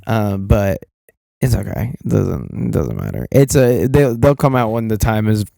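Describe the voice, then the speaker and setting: A young man hosting a casual podcast, relaxed and easygoing, often laughing and breaking off his sentences. His voice sits low with a gravelly rasp. The sound is dry and close with no room echo. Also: normal speed. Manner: laid-back, laughs often, trails off and restarts. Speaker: podcast host. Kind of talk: casual chat.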